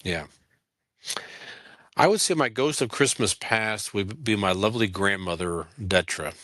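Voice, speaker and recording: A man in his fifties with a very low voice and a bright, forceful edge. He co-hosts a casual podcast, talking earnestly and haltingly. The sound is close and dry. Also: no echo. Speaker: podcast co-host.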